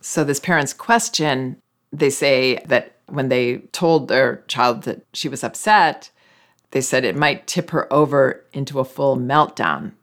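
A parenting advice host speaking calmly and reflectively as they answer listener questions. They explain patiently and reassure parents. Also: mid-range voice, unhurried.

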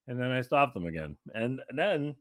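A man's voice: mid-range voice, very animated, moderate pace. A man co-hosting a podcast in casual, rambling, jokey chat, slipping into silly voices when he tells stories. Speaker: podcast co-host.

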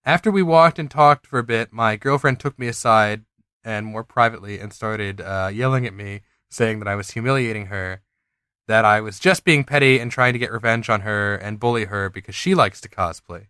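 A man's voice: on the low side, normal speed, sharp tone, clear, resonant tone, dry recording, clean studio sound. A man co-hosting a podcast, reading a listener's story aloud and breaking off with chatty asides. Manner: reads in quotes, breaks off with asides and laughs. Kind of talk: casual chat, reading aloud.

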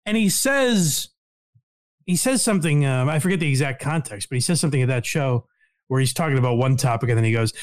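A man's voice: mid-range voice, expressive, fairly quick. A man hosting a casual podcast, talking in a wry, sarcastic way. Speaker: podcast host.

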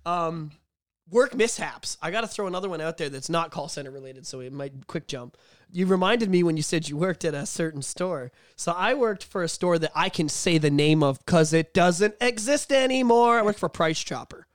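A man's voice: fairly high pitch, normal speed, dry recording, clean studio sound. A young man co-hosting a podcast, telling profane stories in casual chat and acting out the voices of people in them. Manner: animated storytelling, profane, acts out voices. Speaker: podcast co-host.

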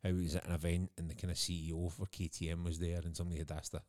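A Scottish man co-hosts a podcast in relaxed conversation. His voice sits very low, and he tells stories with easy laughter. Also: very fast. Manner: chatty storyteller, laughs often. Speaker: podcast co-host. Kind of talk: casual chat.

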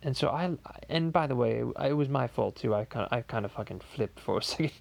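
A man's voice: mid-range voice, expressive, fairly quick, creaky, no room sound. A man voicing Stewie as a podcast host, delivering a rambling, profane comedic monologue full of stammering restarts. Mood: ranting. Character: Stewie as a crude, ranting male podcaster.

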